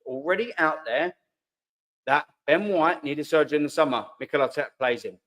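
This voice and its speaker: Bloke ranting on his live fan stream, bit high-pitched, says bruv a lot, keeps repeating himself. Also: fairly quick, fairly bright tone. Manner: heated, swearing, repeats himself, slangy. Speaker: host of a live fan channel. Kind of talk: casual live-stream chat, reading comments.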